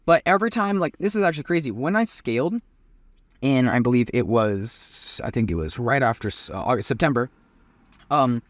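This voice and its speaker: A man's voice: medium pitch, animated, a little fast, no room sound. A young man hosting a casual chat, giving rambling, hyped motivational talk with plenty of swearing. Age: young adult. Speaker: host.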